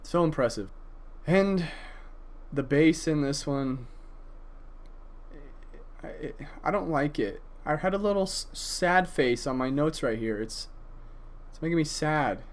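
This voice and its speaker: A man talking through an album review in a loose, casual way, his pitch swinging up and down as he gets excited. He sits a little above the usual male range, swears freely and stumbles over his words with fillers. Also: takes it slowly, long pauses. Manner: profane, enthusiastic, hesitant with fillers. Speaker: music reviewer.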